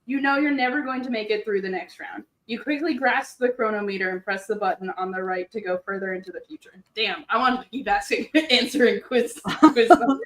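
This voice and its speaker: A woman hosting a stream, reading a gamebook aloud in an animated, joking way and laughing often. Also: medium pitch, a little fast, hardly any pauses, reverberant, low-quality recording. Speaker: host.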